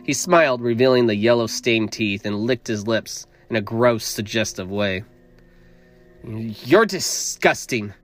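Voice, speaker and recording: A man narrating a dark fantasy story in a steady, measured reading. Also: fairly low pitch, soft background music.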